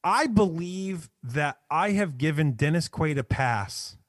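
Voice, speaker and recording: A man's voice: on the high side, takes it slowly, no room sound, studio quality. A man co-hosting a casual movie podcast, agreeable and a bit hesitant. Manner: relaxed, agreeable, hesitant fillers. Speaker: podcast co-host.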